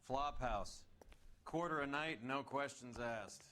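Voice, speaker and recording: An actor playing a worldly 1940s police detective in a game, dry and sardonic. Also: male voice, medium pitch, slow, sharp tone. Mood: wry.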